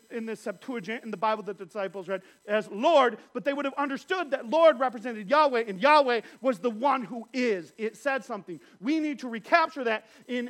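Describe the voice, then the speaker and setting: Animated high-voiced male preacher. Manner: animated, swings from loud emphasis to hushed near-whispers; repeats and restarts words when thinking aloud. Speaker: pastor. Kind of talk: sermon.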